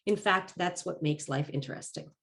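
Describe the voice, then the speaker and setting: Woman, life coach, calm encouraging talk, fairly low voice, slight allergy congestion. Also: creaky. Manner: calm, encouraging and measured, stressing key phrases. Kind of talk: presented talk.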